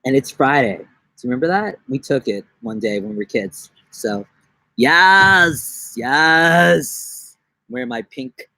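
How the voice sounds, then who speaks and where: A young man from New York chatting on a casual live stream from his backyard, rambling and joking, with bursts of silly high-pitched voices. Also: bright, forceful tone, no echo. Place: outdoors in a backyard.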